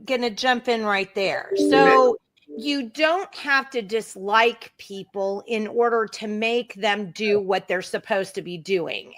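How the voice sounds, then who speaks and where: A woman's voice: mid-range voice, a bit bright. Earnest woman hosting a political talk. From Oklahoma. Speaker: talk show host. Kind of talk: political talk show conversation.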